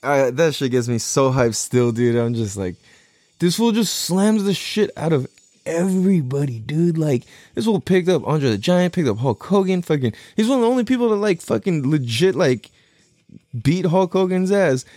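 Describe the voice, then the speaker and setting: A young man in a casual, profane, excitable monologue full of slang. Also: a little high, normal speed, no echo.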